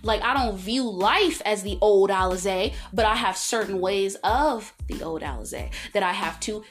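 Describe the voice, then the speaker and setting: A woman hosting her own podcast, talking candidly and expressively, with big swings in pitch and loudness for emphasis. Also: a little slow, soft background music. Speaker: podcast host. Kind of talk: candid solo podcast monologue.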